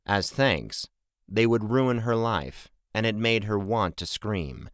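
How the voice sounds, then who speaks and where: A man narrating a fantasy audiobook in a measured, steady way. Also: on the low side, smooth, dry recording, clean studio sound. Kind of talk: scripted narration.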